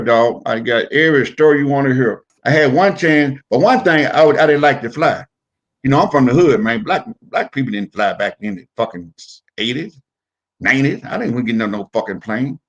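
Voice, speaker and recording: A middle-aged former wrestler telling stories in a casual interview, profane and animated, acting out the voices of the people in them. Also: male voice, medium pitch. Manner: profane, animated storyteller who acts out quotes.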